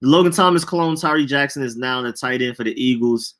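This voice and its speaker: Chatty young man, bright voice. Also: medium pitch, a little fast. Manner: loose, chatty, says bro a lot. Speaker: podcast host reading chat. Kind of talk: casual sports chat.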